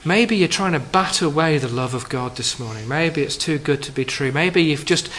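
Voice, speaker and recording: A man preaches a sermon in a fairly high voice, lifting his pitch and volume for emphasis, then falling soft and low on key phrases. He speaks straight to the congregation. A faint hiss runs under the recording. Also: expressive, normal speed, rough recording.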